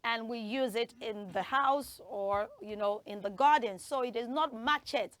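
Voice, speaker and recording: On a studio children's program, a Nigerian-accented female host leads a pronunciation lesson. Speaking a little high and a little slow, she cheerfully encourages the children and has them repeat words after her.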